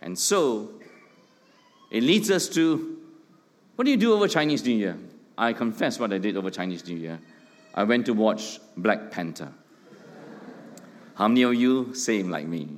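A man's voice: on the low side, animated, normal speed, long pauses. A middle-aged man, preaching a sermon with emphatic points, rhetorical questions and joking asides. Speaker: pastor. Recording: long hall reverb.

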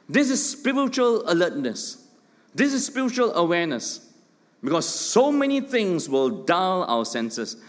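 A middle-aged man preaches a sermon, pressing his points and tossing in joking asides. His voice sits a little high and swings widely. The sound carries a long reverb from a large church hall. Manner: emphatic preaching with rhetorical questions and joking asides. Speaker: pastor.

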